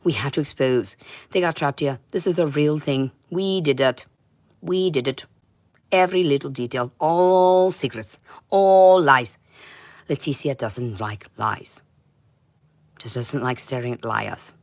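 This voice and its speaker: A woman streaming a rambling monologue, intense and profane, swinging between shouting and muttering. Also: very deep voice, unhurried, dry recording, studio quality. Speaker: livestreamer.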